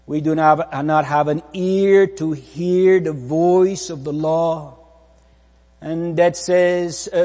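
A man delivers a funeral sermon in a slow, dark, mellow voice that sits a little high for a man. He preaches with solemn repetition, and a long hall reverb trails behind him. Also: fairly even intonation. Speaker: pastor.

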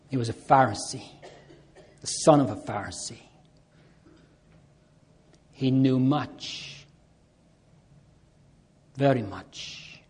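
A man preaching a sermon, slow and earnest, drawing out pleading cries. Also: medium pitch, darkish tone.

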